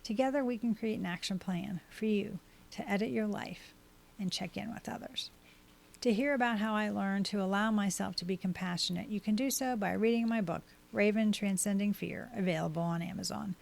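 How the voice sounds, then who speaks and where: A woman hosting a podcast, reading scripted advice in a steady, measured way as she works through a list of tips. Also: medium pitch, gravelly. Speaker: podcast host and life coach.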